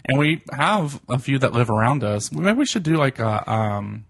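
Brief: male podcast co-host, mid pitch, gossipy, laughs a lot, casual banter. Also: expressive, moderate pace, creaky. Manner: chatty, gossipy, laughs often. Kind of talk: casual chat.

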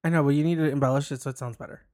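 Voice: mid-range voice, fairly even intonation, very fast, mellow. A podcast co-host chatting casually, teasing the other host and giggling often. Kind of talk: casual chat.

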